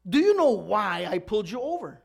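A man playing a stern male highway police officer in a sermon story, questioning and matter-of-fact. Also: sing-song, a little fast, vocal fry, breathy edge, exaggerated voice.

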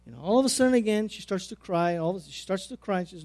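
A middle-aged man preaching a sermon, telling a personal story with repeated phrases and big swings between loud and quiet. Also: sits high, expressive, fast talker, no room sound.

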